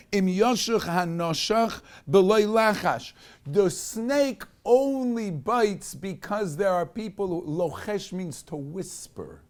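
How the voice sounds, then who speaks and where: A man teaching a Torah class in a synagogue study hall. He reads Hebrew text aloud, then explains it in English with rhetorical questions. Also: high voice. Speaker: rabbi teaching a weekly class. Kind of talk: Torah lecture.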